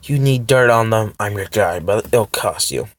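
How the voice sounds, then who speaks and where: A man in a car voicing a gruff, suspicious male street informant who growls out warnings. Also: lowish voice, animated, normal speed. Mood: menacing. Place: parked car.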